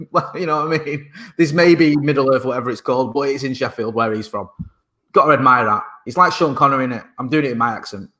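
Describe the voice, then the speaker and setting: Bright-voiced man in rambling chat. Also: mid-range voice, fast. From Britain. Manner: rambling, searching for words with many restarts; dry, joking banter. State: parent. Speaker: podcast co-host. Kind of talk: casual chat.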